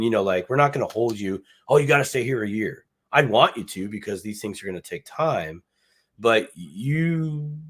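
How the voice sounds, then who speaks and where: A man co-hosting a casual live talk show, rambling and repeating himself, with easy slang. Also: medium pitch. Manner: rambling, self-interrupting, repeats words; casual slang, says dude and bucks. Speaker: podcast co-host. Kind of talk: casual chat.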